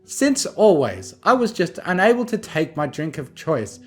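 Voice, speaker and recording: A man's voice: a little high, unhurried, soft background music. Celestia, a man doing a weary snarky ex-princess. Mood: emphatic. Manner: dry, deadpan, sardonic. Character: weary, snarky retired female alicorn princess.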